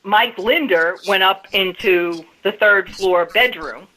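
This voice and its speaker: Woman on a radio chat telling her story bit by bit, bright tense voice. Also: medium pitch, slow pace, rough recording. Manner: storytelling, recounting events step by step. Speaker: guest. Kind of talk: casual radio interview.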